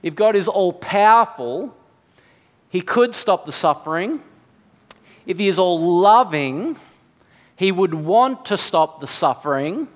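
A man's voice: high-pitched, expressive, slow pace, long pauses, big-room sound. A man preaching a sermon, reasoning aloud with rhetorical questions and acted asides.

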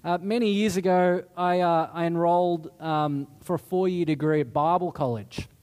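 A man's voice: a little high, fairly even intonation, moderate pace, darkish tone, clean tone. A middle-aged man preaching a sermon in a chatty, self-deprecating way, often restarting his sentences. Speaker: pastor.

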